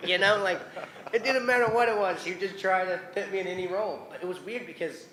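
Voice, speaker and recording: A man from New Zealand, with a clear Kiwi accent and a slightly higher-pitched voice, tells stories to a convention crowd. He acts out every character he mentions and laughs easily. The microphone catches a roomy hall echo and a faint hum of ambience. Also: brisk. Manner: lively, acts out voices in his anecdotes, laughs often. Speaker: convention guest. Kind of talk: animated storytelling Q&A.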